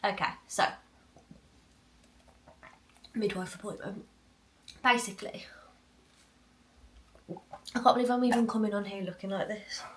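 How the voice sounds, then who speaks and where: A woman's voice: medium pitch, steady tone, a little slow, long pauses, echoey room, distant mic, a little hiss or hum. A young woman vlogging in casual chat at home, rambling, with lots of likes and ums. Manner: chatty, rambling, many fillers. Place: cluttered home room.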